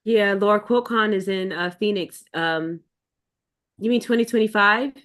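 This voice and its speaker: A woman's voice: medium pitch, normal speed, fairly bright tone. A woman hosting a live sewing chat, talking casually and rambling with fillers and restarts. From United States East Coast. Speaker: livestream host.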